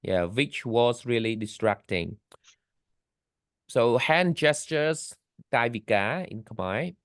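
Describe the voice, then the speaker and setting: A male English teacher with a slightly low voice, explaining presentation vocabulary to a class. He talks patiently and repeats key phrases slowly so learners can follow. The sound is close and dry, with no room echo.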